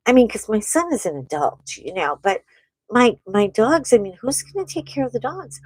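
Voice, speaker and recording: A woman's voice: medium pitch, big pitch swings, moderate pace, a little mellow, dry recording, rough recording. A middle-aged woman hosting a casual coloring stream, rambling and chatting with frequent laughter. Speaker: host. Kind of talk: casual chat while coloring live.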